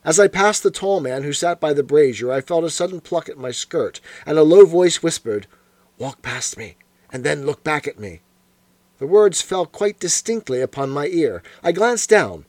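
A man reads a classic detective story aloud as an audiobook narrator, his scripted delivery measured and expressive. His voice sits on the high side, and there's no room sound.

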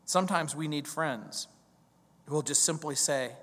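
A man preaching a verse-by-verse sermon in a conversational, animated way, building emphasis through repetition. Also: a little high, moderate pace. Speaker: pastor. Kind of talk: expository sermon. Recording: long hall reverb.

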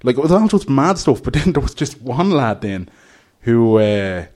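A man's voice: medium pitch, very animated, moderate pace, a little mellow. A young Irish man on a podcast, telling a long story with lots of fillers and quoted voices. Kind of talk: casual chat.

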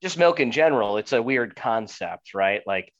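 A man's voice: medium pitch, expressive, normal speed, fairly bright tone. Teasing man with a slightly dull sound. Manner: teasing, joking, lots of fillers. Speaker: podcast co-host. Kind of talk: casual podcast chat.

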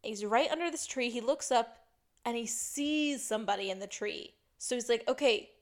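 A podcast co-host with a fairly high voice recaps a TV episode at a moderate pace. She chats casually and laughs often.

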